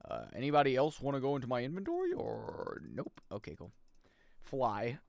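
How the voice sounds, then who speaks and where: A young man giving casual, jokey commentary as he plays a video game, swearing and breaking into loud high-pitched yells. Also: sing-song, normal speed, vocal fry, dry recording. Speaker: streamer.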